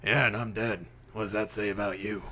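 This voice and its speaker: A man's voice: on the low side, fairly quick, husky. A man voicing a wry ghost cop. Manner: wry, deadpan. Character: dry, sardonic ghost of a male cop.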